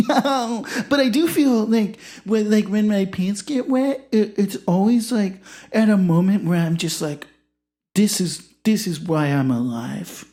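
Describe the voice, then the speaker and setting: An excitable talk show host, voiced by a comic performer who jumps up high and loud, with his pitch swooping all over. He rambles, baffled by everything, in a comedy podcast sketch.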